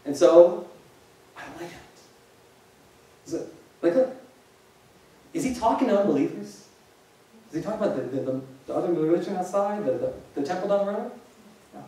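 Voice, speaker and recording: A man's voice: high-pitched, expressive, brisk, long pauses, warm tone. A male pastor preaching a sermon, joking and asking the congregation questions. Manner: conversational, jokey preaching with rhetorical questions to the congregation. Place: church hall. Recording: echoey hall, distant mic.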